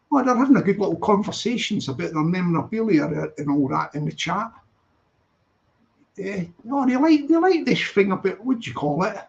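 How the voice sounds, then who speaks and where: A man hosting a live stream, chatting casually and rambling as he reads out viewer comments. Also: high voice. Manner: rambling, repeats himself, chatty. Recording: dull lo-fi stream audio.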